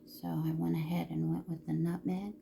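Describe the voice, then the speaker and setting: A woman's voice: low-pitched, very animated, normal speed, gravelly, mellow, a little hiss or hum. A middle-aged woman chatting casually through a get-ready-with-me makeup video, rambling along and cracking crude jokes. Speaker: makeup vlogger.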